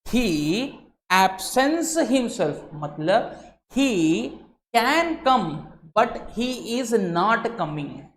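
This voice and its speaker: An Indian English-accented man teaches law to exam candidates, leaning on "sir" and switching his tone to make points. His voice echoes in a roomy space. Faint noise runs underneath. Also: high-pitched. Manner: animated teacher, sprinkles "sir" and Hindi asides, shifts tone for emphasis. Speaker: law lecturer. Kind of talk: recorded exam-prep lecture.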